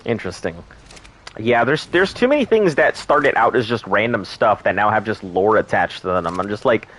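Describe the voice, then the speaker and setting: A man's voice: on the low side, animated, moderate pace, a bit bright. A man streaming a survival game, chatting in a rambling, crude, joking way. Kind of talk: casual gameplay commentary.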